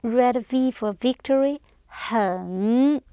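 Woman enunciating words very slowly. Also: fairly high pitch, warm tone, no echo, studio quality. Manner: slow, carefully enunciated single words. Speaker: pronunciation model in a lesson.

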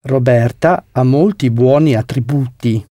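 Mellow man giving model answers. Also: medium pitch, moderate pace, no echo, clean studio sound. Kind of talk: scripted lesson answers.

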